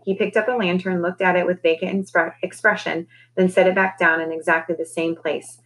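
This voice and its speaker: A woman teacher reading a children's novel aloud to her class in a calm, steady storytelling voice. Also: lowish voice, brisk, few pauses, rough recording.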